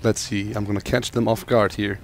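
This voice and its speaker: A man with a sore throat giving jokey, excitable commentary while playing a shooter game. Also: on the low side, brisk, creaky. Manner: jokey, excitable, talks to teammates and himself. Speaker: gamer. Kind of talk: gameplay commentary.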